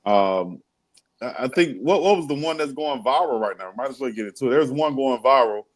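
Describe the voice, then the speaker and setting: A man's voice: medium pitch, animated, a little fast, rough recording. Laid-back man, storytelling co-host. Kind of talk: casual sports talk show.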